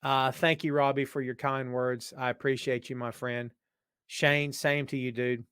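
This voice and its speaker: A man's voice: medium pitch, little pitch movement, a little slow, a bit bright, smooth, no echo, studio quality. A man hosting a casual live-stream talk show, his voice worn out, rambling and joking straight to viewers. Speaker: podcast host. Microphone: webcam setup.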